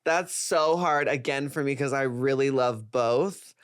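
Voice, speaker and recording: A young woman from Texas, a guest in a casual chat, bubbly and animated and quick to tease. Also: extremely low pitch, no room sound, studio quality. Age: young adult.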